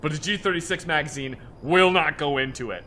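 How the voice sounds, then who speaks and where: A man's voice: a little high, brisk, sharp tone, a little hiss or hum. A man in casual chat while playing a game, explaining guns at length and swearing casually. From United States. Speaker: gaming video host.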